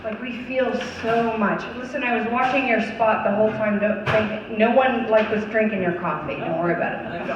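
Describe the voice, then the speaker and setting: A young adult woman doing stand-up comedy, animated and profane, talking straight to the crowd. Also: medium pitch, normal speed, muffled recording, background noise. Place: comedy venue. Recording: echoey club mic heard from far off.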